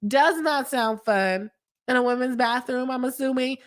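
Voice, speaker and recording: A woman's voice: high-pitched, normal speed. A woman, a lawyer hosting a casual live stream, reading viewer comments, laughing often and coughing from a cold. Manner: laughs often, talks in a chatty way with y'all.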